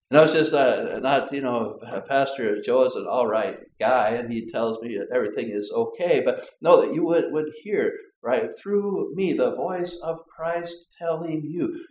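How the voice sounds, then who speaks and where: Man, pastor, Upper Midwest American accent, casual preaching, slightly high voice, echoey church, faint hum. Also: measured pace, darkish tone. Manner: conversational preaching with many fillers and tag questions. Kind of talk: sermon. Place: church sanctuary.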